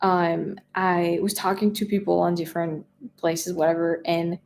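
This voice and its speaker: Chatty French-accented woman, lowish voice. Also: little pitch movement, normal speed, creaky, darkish tone, slight background noise. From France. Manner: chatty, laughs often, repeats words and restarts. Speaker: live stream host. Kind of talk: casual live stream chat, reading viewer questions.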